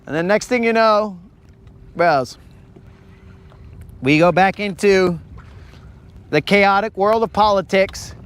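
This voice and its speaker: Casual podcast host with a high voice, playful storyteller who slips into silly character voices mid-riff; recorded out on a fishing boat. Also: male voice, slow, pauses often, a bit bright, clean tone. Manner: playful, acts out imagined dialogue in put-on voices. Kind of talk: casual joking monologue.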